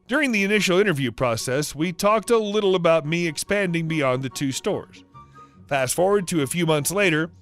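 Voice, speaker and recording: A man narrating stories with a slightly high, very animated voice that rises and falls through each sentence. Faint music plays underneath his scripted storytelling. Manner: lively storytelling, acts out dialogue.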